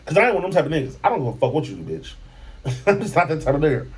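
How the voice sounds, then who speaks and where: A man's voice: fairly high pitch, sing-song, racing, breathy edge. A man from Michigan hosting a podcast, delivering a profane, brash, mocking comedic rant. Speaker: podcast host.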